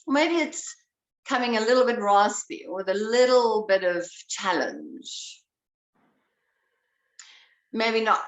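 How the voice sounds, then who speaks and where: A woman breathwork instructor leading a guided breathing exercise, giving slow, calm instructions. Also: mid-range voice. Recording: roomy sound, voice away from the mic.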